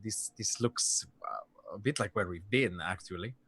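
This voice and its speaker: A man playing a tabletop game who hesitates and restarts his sentences while thinking out loud. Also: on the low side, measured pace, slightly rough, dry recording. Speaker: player. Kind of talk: tabletop role-play chat.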